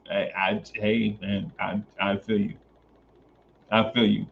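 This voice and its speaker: A man's voice: lowish voice, lively intonation, a little slow, vocal fry. A man hosting a casual sports talk stream, reading chat comments aloud and repeating phrases for emphasis. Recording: dull lo-fi stream audio.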